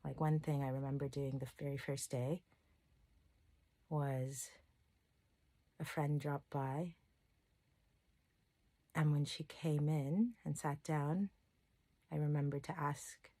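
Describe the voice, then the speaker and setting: Low voiced woman rambling candidly into her vlog, dry close sound, gets emotional easy. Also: warm tone, no echo. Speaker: self-love coach and channel host. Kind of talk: casual personal vlog monologue.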